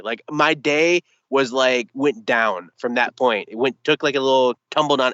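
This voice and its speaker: A young man telling a sports story in casual chat, animated, exasperated and comic. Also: mid-range voice, normal speed, hardly any pauses, no echo, lo-fi sound. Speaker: podcast guest, sports commentator.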